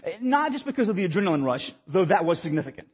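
A man, preaching a sermon and telling a story in an animated, stammering, self-mocking way. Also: high voice, fast, husky. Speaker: pastor. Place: church sanctuary. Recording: muffled sound with long hall reverb.

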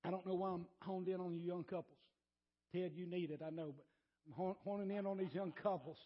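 In a muffled, lo-fi recording, a male pastor delivers a brisk sermon with a strikingly high, raspy voice and fairly even intonation. He repeats himself to drive a point home and addresses congregants by name. His delivery lurches from near-whispers to loud, emphatic declarations.

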